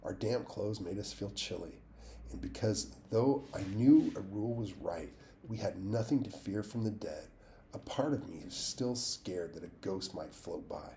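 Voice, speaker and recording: Deep-voiced man reading a novel. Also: a little slow, slight background noise. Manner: steady, plain reading with small slips and restarts. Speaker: audiobook reader.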